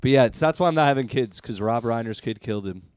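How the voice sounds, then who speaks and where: A man's voice: mid-range voice, fast, a little mellow, clean tone, no echo, clean studio sound. A young man co-hosting a crude podcast, telling rambling stories, laughing often and acting out what people said. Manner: rambling storyteller, laughs often, acts out quotes. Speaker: podcast co-host. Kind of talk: crude casual chat.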